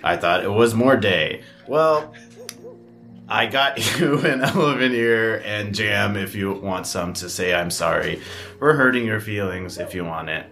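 A man's voice: lowish voice, expressive, a little slow, a bit bright, slight background noise. A man playing a tabletop game, tentative and chuckling as he describes his moves. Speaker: player. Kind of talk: casual tabletop role-play.

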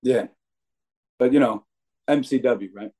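A man's voice: mid-range voice, measured pace, warm tone. A young adult man, a wrestler being interviewed on a podcast, talking in a brash, cocky, trash-talking way. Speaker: wrestler guest.

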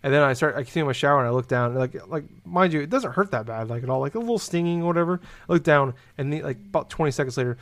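A man's voice: on the high side, rapid-fire, hardly any pauses. A young man in casual chat, telling a rambling story that is full of "like" and swearing. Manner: rambling, heavy use of "like", swears freely.

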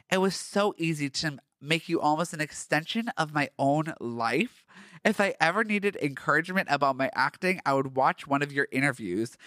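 A man's voice: fairly high pitch, sharp tone, no echo, studio quality. A man hosting a podcast who reads his own fan fiction aloud, breaking off for campy, gushing, self-mocking asides. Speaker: podcast host.

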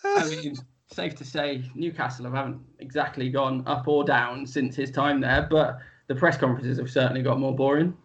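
A man's voice: mid-range voice, steady tone, normal speed, dull audio, slight background noise. A man telling a wry anecdote in a casual chat.

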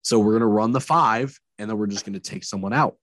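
A man's voice: lowish voice, fast talker, fairly bright tone, dry recording. A man co-hosting a sports podcast, chatting casually and joking in banter. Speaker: podcast co-host. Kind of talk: casual chat.

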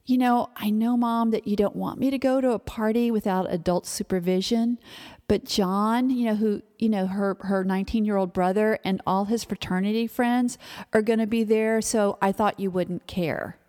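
A woman voicing a pushy, manipulative teenage girl, talking in a quick, insistent, whiny way, with long hall reverb. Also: mid-range voice, fairly even intonation, dark tone, close to an everyday voice. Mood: pleading.

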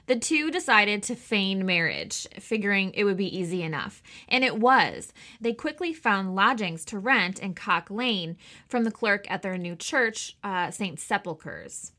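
A woman's voice: medium pitch, pushed and bright. A woman co-hosting a history podcast, narrating in a chatty way with lots of fillers. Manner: chatty, laughs easily, filler-heavy. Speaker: podcast co-host.

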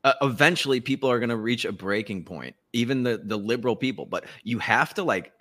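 A man's voice: medium pitch, fairly quick, fairly bright tone. A man hosting a podcast in casual political chat, sarcastic and profane, laughing often between remarks. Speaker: podcast host.

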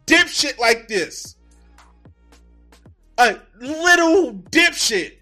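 A man reacting to a video clip, swearing a lot and breaking into incredulous shouts. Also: very high voice, expressive, measured pace, faint music behind. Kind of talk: profane reaction commentary.

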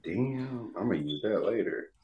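A man co-hosting a casual podcast chat, profane and animated, laughing often and trailing off quietly. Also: on the low side, normal speed, lo-fi sound. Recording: echoey room.

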